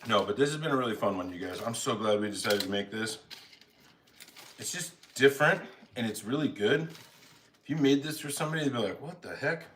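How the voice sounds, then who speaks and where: A man's voice: mid-range voice, brisk, fairly bright tone, a little hiss or hum. A man hosting a live stream from home, chatting casually and rambling while he eats, with jokes at his own expense. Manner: rambling, self-mocking, chatty. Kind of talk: casual chat while eating. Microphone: phone.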